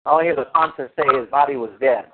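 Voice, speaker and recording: A man's voice: medium pitch, fast talker, crowd noise. Emphatic preaching man on a phone line. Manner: emphatic, repeats words, quotes scripture. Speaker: host leading a Bible study. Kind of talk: informal preaching. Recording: tinny phone line with faint noise.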